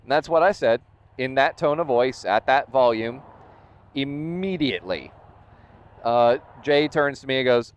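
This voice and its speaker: Exasperated man telling a story, smooth voice. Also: medium pitch, lively intonation, unhurried, lo-fi sound. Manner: exasperated, retells events with quoted dialogue. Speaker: motorcycle vlogger. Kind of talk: casual storytelling vlog.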